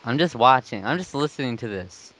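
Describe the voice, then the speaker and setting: A man's voice: medium pitch, expressive, a little fast, fairly bright tone. Dry, dismissive man co-host. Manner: dry, dismissive, laughing often. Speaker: podcast co-host. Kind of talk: casual chat.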